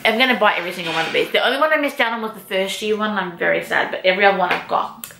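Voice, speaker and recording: A young woman vlogger chatting excitedly through an unboxing, gushing and exclaiming, with casual swearing. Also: mid-range voice, very fast, creaky. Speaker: book vlogger. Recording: echoey room, faint noise.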